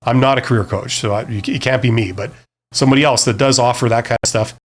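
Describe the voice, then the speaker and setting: A man's voice: medium pitch, fast talker. A man talking casually to camera with career advice, rambling and self-deprecating, full of fillers and restarts. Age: adult past his early twenties.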